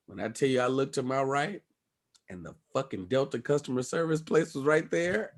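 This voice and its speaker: Male comic guest, slightly high voice, bright and forceful, spins a profane story full of voices. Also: animated, fairly quick. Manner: profane, acts out people's lines with big jumps in pitch and loudness. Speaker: stand-up comedian guest. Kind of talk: animated storytelling on a podcast.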